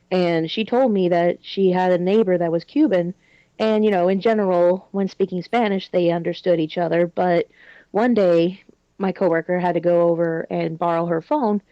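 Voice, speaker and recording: A woman's voice: on the low side, dry recording. Giggly woman with dull lo-fi sound. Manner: giggly storyteller. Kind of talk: casual group chat.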